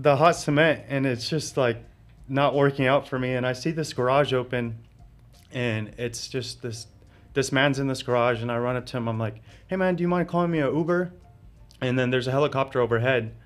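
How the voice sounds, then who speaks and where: Man telling a story with frequent laughs. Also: medium pitch. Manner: laughs often while telling his story, many fillers. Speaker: interview guest. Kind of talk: casual storytelling.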